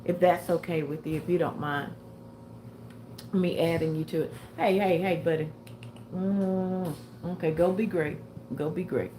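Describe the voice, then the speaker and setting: Slow-talking woman, a bit winded. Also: fairly low pitch, fairly even intonation, warm tone, slight background noise. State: a little winded, tired. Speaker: livestream host. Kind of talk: casual livestream chat with viewers.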